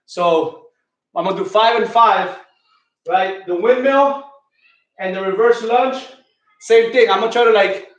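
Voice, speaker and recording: A man's voice: high-pitched, a little slow, pauses often, echoey room, highs cut off. A man leading a live online kettlebell class, counting reps and giving coaching cues while out of breath. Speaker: fitness coach.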